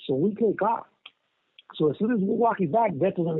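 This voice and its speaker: A man's voice: on the high side, lively intonation, fast, breathy edge, dry recording. A man telling a story from inside prison over a phone call, rambling in street slang with many repeated words. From California. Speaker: inmate telling his story. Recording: tinny prison phone line.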